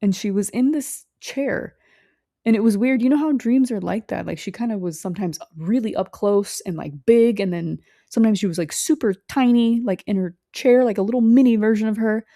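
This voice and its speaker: A woman's voice: mid-range voice, a little fast, warm tone, no echo, studio quality. A young woman vlogger telling a rambling story in a casual, chatty way, full of fillers and restarts and the odd swear.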